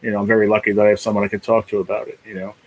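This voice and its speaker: A man's voice: lowish voice, level tone, very fast, slight background noise, rough recording. A man hosting a casual live stream, talking in a rambling, emotional way, full of "you know", and close to tears. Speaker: livestream host.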